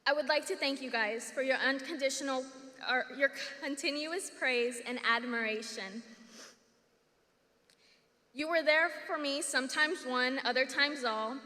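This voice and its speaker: A woman's voice: high-pitched, a little slow, bright, forceful tone. A young woman, the class salutatorian, giving her graduation speech with emotional, teary thanks. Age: young adult. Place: large hall. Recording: echoey hall.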